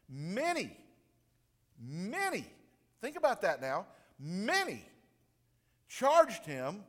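A man preaching a sermon with animated delivery, dropping to a hush and then booming out. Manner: animated, swings from hushed to booming. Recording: long reverb of a large room.

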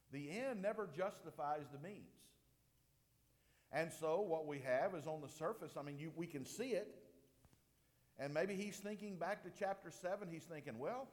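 A man preaching a sermon with emphatic delivery, slowing down to stress points and swinging his voice up and down. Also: a little high, darkish tone, long reverb tail. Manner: emphatic preaching, slows for stress, rises and drops sharply. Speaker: pastor.

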